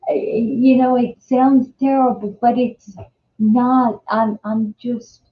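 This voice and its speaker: A woman's voice: on the high side, steady tone, slow pace, a little hiss or hum. An older woman with a New Jersey accent hosting a casual live-stream chat, rambling and chatty with many restarts. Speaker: host. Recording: echoey room, dull lo-fi sound.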